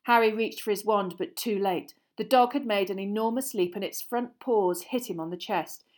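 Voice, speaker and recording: Woman narrating an audiobook, hushed. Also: mid-range voice, normal speed. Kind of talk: scripted narration.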